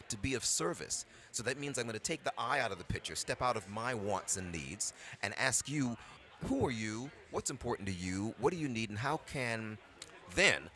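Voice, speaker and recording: Bright-voiced Brooklyn-born voice actor. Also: male voice, lowish voice, slight background noise. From Brooklyn, New York. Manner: reflective, expressive, animated storyteller. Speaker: voice actor guest. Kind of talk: casual interview. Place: convention floor.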